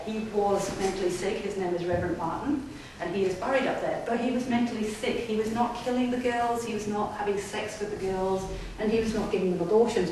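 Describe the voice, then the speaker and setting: A woman's voice: medium pitch, a little mellow. A woman tells her ghost-hunting stories to a live audience in a chatty, engaging way. She is picked up from far off in a strongly reverberant room with a faint hiss underneath. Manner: chatty, checks in with listeners, laughs often. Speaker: paranormal investigator giving a public talk. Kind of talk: casual storytelling talk to an audience. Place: display day inside an old gaol. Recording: echoey room heard from afar, faint hiss.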